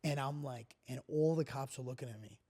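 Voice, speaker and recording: A young man telling profane stories in a casual, animated podcast chat, often acting out what others said. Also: medium pitch, brisk, slight background noise. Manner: profane, animated storytelling with acted-out quotes. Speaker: podcast co-host.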